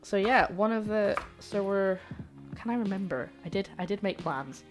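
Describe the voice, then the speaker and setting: A young woman talks casually through a cooking livestream from her home kitchen. She greets viewers brightly and drops jokey asides while she chops, her voice pitched in an ordinary middle range. Faint music plays softly in the background. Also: expressive, moderate pace. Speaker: cooking streamer.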